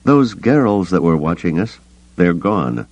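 Man as decisive rogue captain: brisk, commanding, dry lo-fi tape. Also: low-pitched, big pitch swings, darkish tone, no echo, pitched above the performer's own voice, full character voice. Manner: brisk, giving orders. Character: brash male starship captain, decisive leader. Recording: dull lo-fi cassette tape.

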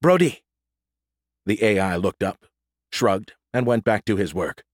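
A man narrating a science fiction audiobook in a steady, expressive reading. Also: low-pitched, normal speed, dry recording, clean studio sound. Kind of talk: scripted narration.

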